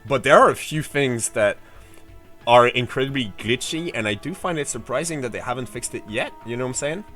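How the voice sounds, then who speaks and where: A man's voice: medium pitch, expressive, fairly quick, a bit bright, faint music behind. A man streaming a game playthrough, chatting casually, rambling, swearing freely and answering his chat. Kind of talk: casual livestream commentary.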